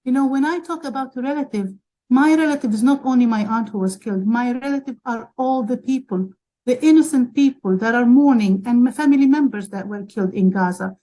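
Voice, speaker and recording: A woman's voice: on the high side, a little fast, dark tone, rough recording. A woman from Palestine speaking as a webinar panelist, emotional and urgent as she argues for advocacy. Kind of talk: impassioned advocacy talk.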